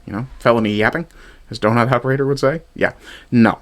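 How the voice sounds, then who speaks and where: A man's voice: mid-range voice, steady tone, fast talker, a bit bright. A man from Newfoundland giving sarcastic, profane reaction commentary on clips. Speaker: commentary streamer.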